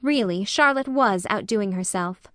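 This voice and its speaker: A woman narrating a classic novel as an audiobook in a measured, expressive way. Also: medium pitch, no echo, studio quality.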